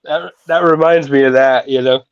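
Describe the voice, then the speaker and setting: A man's voice: mid-range voice, steady tone, normal speed, clear, resonant tone, no room sound, lo-fi sound. A man hosting a podcast, chatting casually and laughing often. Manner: laughing, easygoing. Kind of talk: casual chat.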